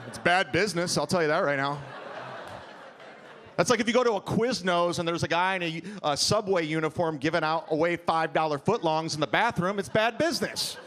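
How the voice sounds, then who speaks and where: A man telling a stand-up story on a comedy club stage in a deadpan storytelling way, acting out quotes. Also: fairly high pitch. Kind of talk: stand-up set. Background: audience laughter.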